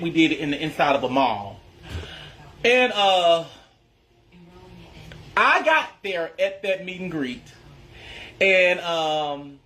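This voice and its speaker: A man's voice: a little high, a bit bright. A man who creates social media content, telling a casual story to his followers in a chatty, emphatic way and addressing them as y'all.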